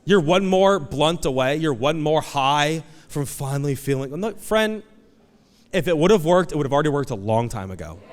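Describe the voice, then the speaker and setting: A man preaching a sermon as pastor, animated, breaking into loud, high outbursts as he acts out pleading voices from the story. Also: moderate pace, long reverb tail. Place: church auditorium.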